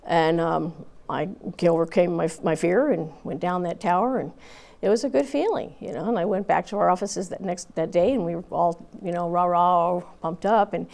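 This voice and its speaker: A woman's voice: lowish voice, animated, moderate pace, creaky, dark tone. A woman in her fifties, a Marine Corps veteran, telling her story candidly in an interview with plenty of fillers and restarts.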